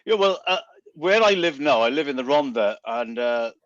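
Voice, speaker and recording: A man's voice: medium pitch, animated, dry recording. A man with a West Welsh accent, a guest comedian chatting casually on a radio show, often restarting and repeating words. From South West Wales. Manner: halting, many restarts and repeats. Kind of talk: casual chat. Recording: dry, dull lo-fi sound.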